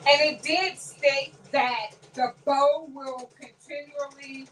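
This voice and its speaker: A woman's voice: high-pitched, fairly even intonation, slow, fairly bright tone, slight background noise. An older woman hosting a live embroidery tutorial, chatty and laughing as she exclaims to herself. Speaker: embroidery channel host. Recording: voice a bit distant from mic.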